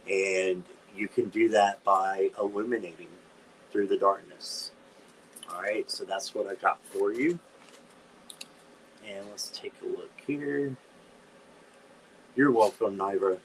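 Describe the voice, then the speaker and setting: A man's voice: lowish voice, slight background noise. A man hosting a live-stream tarot reading, chatty and given to dramatic squeals of disgust. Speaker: tarot reader, channel host.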